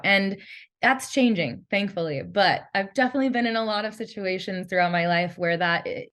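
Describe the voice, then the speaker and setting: A woman in her thirties, a guest on a casual podcast interview, talking thoughtfully with frequent ums and soft laughs. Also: medium pitch. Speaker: guest, brand storyteller and creative director.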